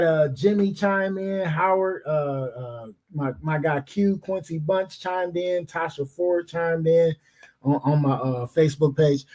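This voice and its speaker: A man's voice: fairly high pitch, moderate pace, a little mellow. A young man hosting a podcast, talking in a laid-back, slangy way and reading out viewer comments. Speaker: podcast host. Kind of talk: casual chat.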